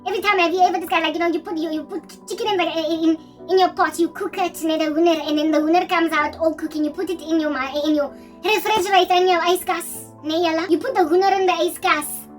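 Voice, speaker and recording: Very high-voiced South African woman. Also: fast talker, distant mic, faint music behind. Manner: rambling, animated, mixes in local words. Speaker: Christian vlogger. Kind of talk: casual storytelling monologue.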